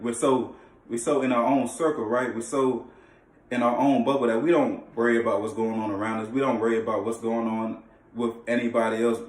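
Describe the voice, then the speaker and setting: A young man tells his faith testimony in a loose, slangy way, pressing his points by repeating himself and restarting lines. His voice sits at an ordinary middle pitch. He is recorded from some distance away in a room that echoes noticeably. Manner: slangy, emphatic, repeats phrases and restarts often. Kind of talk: casual personal testimony.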